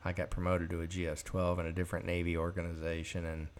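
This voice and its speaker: A man's voice: sits low, completely flat delivery, quick pace. An older man hosting a podcast, telling stories from his working life in a blunt, profane way and acting out the dialogue. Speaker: podcast host. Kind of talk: storytelling monologue.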